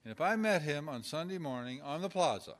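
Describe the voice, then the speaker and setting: A man's voice: a little high, lively intonation, brisk. A man giving an informal lecture on caregiving with numbered points, talking conversationally and acting out example dialogue. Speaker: instructor on pastoral caregiving.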